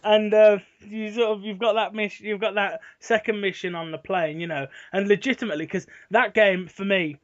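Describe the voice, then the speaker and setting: High-voiced young man, animated rambling host. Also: fairly quick, hardly any pauses. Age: 20s. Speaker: channel host. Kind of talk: casual gaming chat. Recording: dull lo-fi recording.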